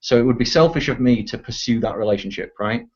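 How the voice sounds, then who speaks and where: Fast and slightly rough, a mid-range male voice comes through dull lo-fi voice chat audio. The speaker is a teenage discussion participant ranting bluntly online and swearing often.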